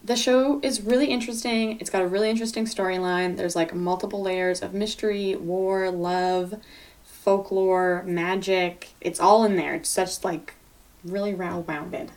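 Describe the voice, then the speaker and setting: A woman's voice: mid-range voice, fairly even intonation, normal speed, a little mellow, distant mic. A woman co-hosting a podcast in casual chat, enthusiastic and teasing as she talks through a show. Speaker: podcast co-host.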